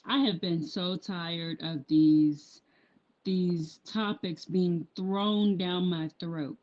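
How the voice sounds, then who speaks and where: Speaking very slowly with fairly even intonation, a woman with a lowish, somewhat mellow voice chats on a live stream about her handmade apparel shop. She rambles with many ums and false starts, and the recording sounds dull and lo-fi.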